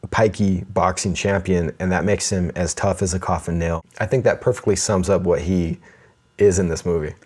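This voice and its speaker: A man's voice: deep voice, fairly even intonation, normal speed, a little mellow, husky. A man co-hosting a casual podcast, grading a movie and leading the chat, often restarting his phrases. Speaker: podcast co-host.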